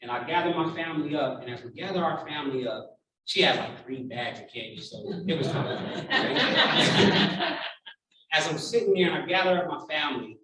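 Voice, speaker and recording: Man, 30s, keynote speaker; heartfelt, animated storyteller; bright tone, far off in a booming hall. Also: normal speed, slight background noise. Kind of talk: personal storytelling keynote speech. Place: large conference room.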